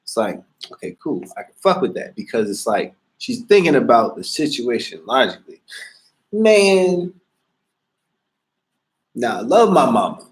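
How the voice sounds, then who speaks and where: A man in a casual monologue, talking in a slangy, profane, animated way. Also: medium pitch, measured pace, long pauses.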